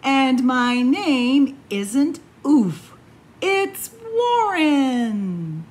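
A woman's voice: sits high, takes it slowly, husky, exaggerated voice. A woman doing Warren, an earnest young bird. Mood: proud. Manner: insistent, lively storybook voice. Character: young male bird, earnest and proud, learning to fly.

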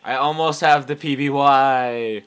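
A man's voice: medium pitch, unhurried. A man hosting a gameplay video, chatting casually and teasing a friend. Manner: excitable, giggly, teasing.

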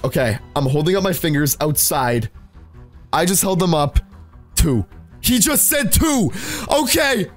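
High-voiced young man, anxious game commentary. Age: late teens. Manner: anxious, excitable, addresses viewers directly. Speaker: gaming YouTuber. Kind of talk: scripted gameplay commentary.

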